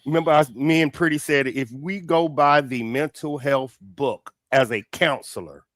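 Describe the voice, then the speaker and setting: A man's voice: fairly high pitch, normal speed, fairly bright tone, no room sound. Opinionated man musing aloud, dry sound. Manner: thoughtful, opinionated, muses aloud. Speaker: guest, mental health counselor. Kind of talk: casual chat.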